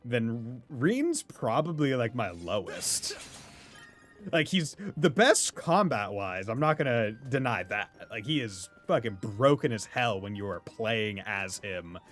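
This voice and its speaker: This game streamer from Rhode Island, USA, speaks with a light local New England accent, rambling casually, laughing frequently, and swearing at times. His medium-pitched voice swings widely in pitch, sounds fairly bright, and unhurried, with faint music in the background.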